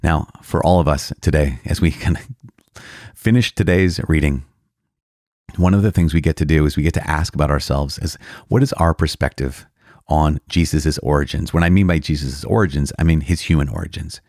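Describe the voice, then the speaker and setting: Very deep-voiced male priest teaching casually. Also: brisk, a little mellow, dry recording, studio quality. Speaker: priest and podcast host. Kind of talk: casual teaching commentary on a text.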